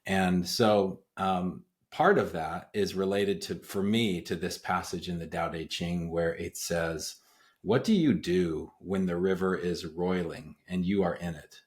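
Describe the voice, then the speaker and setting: A man hosting a podcast, talking in a relaxed, rambling way with many fillers as he tells a story. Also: sits low, a little slow. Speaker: podcast host. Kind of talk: casual conversation.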